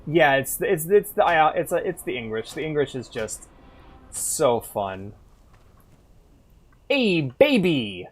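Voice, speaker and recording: A man streaming a game and chatting casually, loud and animated, swearing and laughing as he plays. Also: fairly high pitch, measured pace. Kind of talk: casual gaming stream chat.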